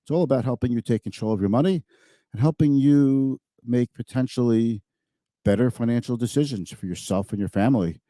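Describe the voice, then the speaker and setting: A man's voice: fairly low pitch, mellow, dry recording, studio quality. A man hosting a finance show, giving casual market commentary in a chatty, thinking-aloud way and often correcting himself mid-sentence.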